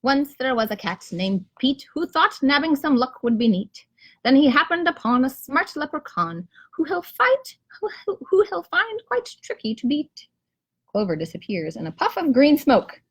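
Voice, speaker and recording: A kindergarten teacher reading a picture book aloud to children on a live stream from home, with lively storytelling. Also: female voice, sits high, normal speed. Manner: lively storytelling, rhymes read with bounce. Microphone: camera or phone on a live stream.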